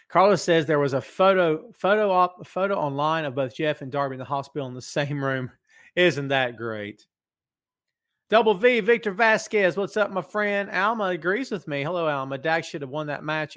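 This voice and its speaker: A middle-aged man hosting a live wrestling podcast from his office, reading out chat comments in an animated, hyped way. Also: fairly high pitch. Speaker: podcast host. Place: home office.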